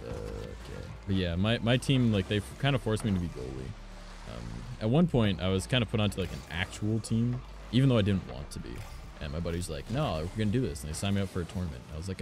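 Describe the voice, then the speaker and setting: A man's voice: sits low, quick pace, gravelly, over music. A young man streaming a car soccer game, chatting casually with teammates and viewers, swearing freely as he tells stories between plays. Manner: swearing, animated storytelling between game reactions. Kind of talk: casual gameplay chat.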